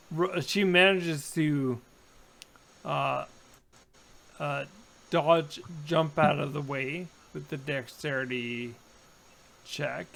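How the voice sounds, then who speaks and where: Slow-talking man running a tabletop game. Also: fairly high pitch, gravelly, fairly bright tone, slight background noise. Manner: unhurried, halting narration with many fillers. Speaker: dungeon master.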